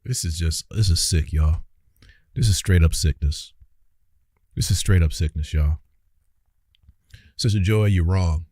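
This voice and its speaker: A man's voice: deep voice, measured pace, long pauses, warm tone, no room sound, studio quality. A man hosting a reaction commentary, talking in a heated, preachy, colloquial way and speaking straight to his viewers. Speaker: commentary channel host.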